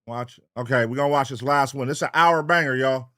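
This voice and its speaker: A man from the US West Coast hosting a late-night livestream, loose and profane, reeling off shout-outs to chat viewers in a sing-song way. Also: medium pitch, fairly quick, no echo, clean studio sound. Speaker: livestream reaction host.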